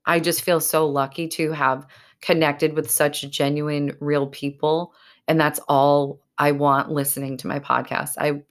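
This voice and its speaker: A woman from Massachusetts hosts her own podcast in a casual ramble. Her voice sits very low, and she talks through tears, choked up, filling pauses with "um" and "like". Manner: emotional, choked up, rambling with many fillers. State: tearful. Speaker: podcast host. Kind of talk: casual solo podcast talk.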